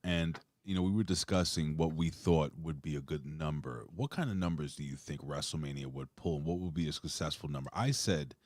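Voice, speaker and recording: A man's voice: a bass voice, a little fast, hardly any pauses, darkish tone, no echo. A male host in casual chat, laid-back and teasing.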